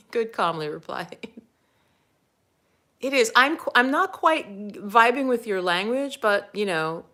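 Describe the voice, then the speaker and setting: A talkative American woman in middle age hosting a casual livestream as a spiritual coach. Her voice sits a little low, and she laughs easily and slips into whispers for asides. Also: sharp tone. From United States. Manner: chatty, laughs often, drops to a whisper for asides.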